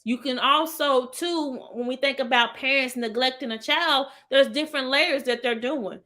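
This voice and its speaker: A woman's voice: sits high, normal speed, sharp tone. A woman, hosting a casual live talk and speaking straight to her viewers as y'all. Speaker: host of a live healing talk. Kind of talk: live-stream chat.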